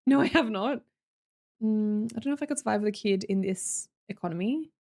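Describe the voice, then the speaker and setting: A woman's voice: mid-range voice, a little fast, a little mellow. A young Australian woman streamer chatting casually with her viewers, blunt and sweary, laughing often.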